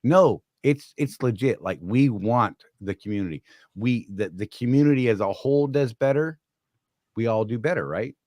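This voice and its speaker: A man's voice: mid-range voice, moderate pace, a little mellow, dry recording, studio quality. A man co-hosting a casual talk show, speaking earnestly with many restarts and repeated words. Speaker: podcast co-host. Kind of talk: casual chat.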